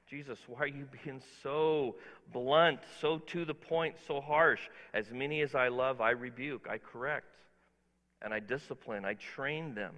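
A pastor preaching a sermon, emphatic, swinging between quiet asides and loud exhortation, putting questions to the congregation. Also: male voice, medium pitch, long reverb tail, lo-fi sound.

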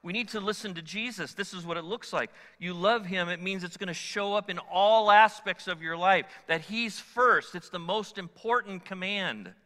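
Standing before his congregation in the church sanctuary, a middle-aged pastor speaks in a fairly high, bright, forceful voice. His sermon is conversational and he trades jokes with those in the pews, all echoing with long hall reverb.

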